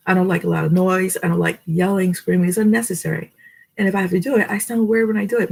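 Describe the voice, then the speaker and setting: A woman's voice: fairly low pitch, gravelly, darkish tone, slightly rough, rough recording. A middle-aged woman chatting and giving advice on her video channel from her bedroom, rambling and laughing at herself. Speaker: vlogger. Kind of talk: casual advice vlog.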